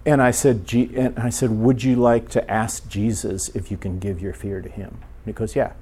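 A man preaching a sermon, telling a story and acting out prayers, often dropping to a near hush. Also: on the low side, normal speed, breathy edge. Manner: animated storyteller, acts out prayers, drops to a hush.

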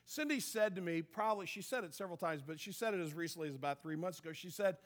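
Male pastor, high voice, relaxed chatty sermon with self-mocking asides. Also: fast talker, hardly any pauses. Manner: conversational, self-deprecating humor with restarts.

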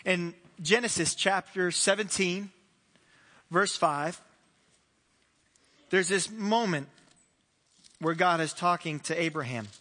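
Preacher, male: high, bright, earnest, long hall reverb. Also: slow pace, pauses often. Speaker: pastor. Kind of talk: sermon. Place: church hall.

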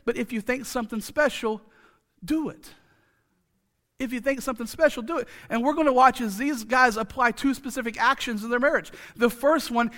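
A man's voice: very high-pitched, pushed and bright. A male pastor preaching a sermon in a chatty, joking way, repeating phrases for emphasis and tossing rhetorical questions to the congregation. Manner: conversational, joking, with many rhetorical asides.

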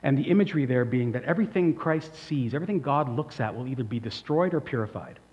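A young man preaching a sermon as pastor, in a conversational, animated way, with asides and self-corrections. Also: mid-range voice, fast talker, in a large hall. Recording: dull lo-fi sound.

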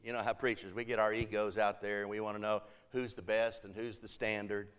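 A man's voice: fairly low pitch, little pitch movement, brisk, a bit bright, clear, resonant tone. A man preaching a sermon to a church congregation, earnest and emphatic, building to fervent appeals.

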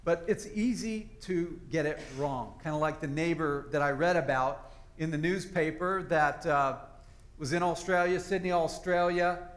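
A man's voice: a little high, a little slow. A man preaching a sermon to his congregation in a conversational, folksy storytelling manner. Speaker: pastor. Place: church service.

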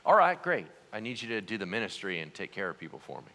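A man voicing a calm, gentle male teacher who asks his questions quietly and patiently. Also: fairly low pitch, fast, big-room sound, voice pushed down, exaggerated voice.

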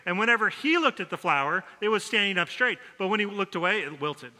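A man's voice: high-pitched, expressive, fast talker, pushed and bright. A man, giving a conversational sermon full of stories and self-deprecating jokes. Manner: storytelling, self-deprecating humor. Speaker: pastor. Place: church sanctuary. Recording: long hall reverb.

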